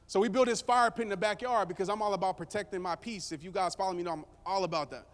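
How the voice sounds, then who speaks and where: A motivational speaker on stage tells a story casually and jokes with the live crowd, his voice high-pitched and racing. The hall gives the recording a long reverb.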